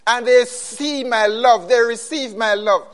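Male preacher, unhurried delivery, hammers key phrases through repetition. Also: very high-pitched. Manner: emphatic, repeats key phrases. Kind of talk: sermon.

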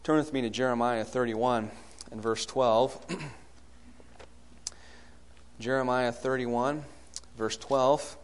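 A man preaching a sermon, asking the congregation questions and swinging between loud bursts and hushed lines. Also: mid-range voice, fairly even intonation, takes it slowly, long pauses, smooth.

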